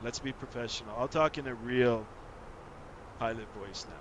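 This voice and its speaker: Canadian pilot dude rambling on a sim stream, lots of ums and likes, noisy stuff behind him. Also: male voice, medium pitch, normal speed, a bit bright, lo-fi sound. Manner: rambling, filler-heavy, friendly chatter. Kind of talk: casual live-stream chat. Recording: noisy background.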